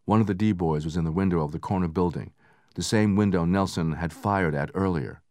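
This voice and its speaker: A man narrating a book in steady, measured scripted narration, raising his voice for the soldiers' lines. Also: deep voice, no room sound. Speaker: audiobook narrator.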